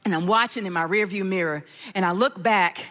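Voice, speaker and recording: A middle-aged woman preaching a sermon, telling a personal story with animated delivery and acting out the voices of others. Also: medium pitch, fairly quick, in a large hall. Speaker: pastor.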